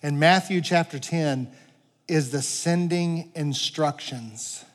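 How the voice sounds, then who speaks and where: A man preaching a sermon as pastor, earnest, swelling louder and dropping to quiet emphasis, in a church sanctuary. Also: fairly high pitch, takes it slowly. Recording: long reverb of a large hall.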